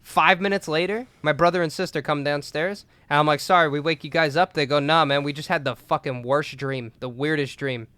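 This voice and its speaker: A young man co-hosting a podcast, telling a story in a lively, casual way with lots of swearing and filler words. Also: on the high side, a little fast, hardly any pauses, clean tone, dry recording. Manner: animated, swears a lot, says "like" and "dude". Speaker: podcast co-host.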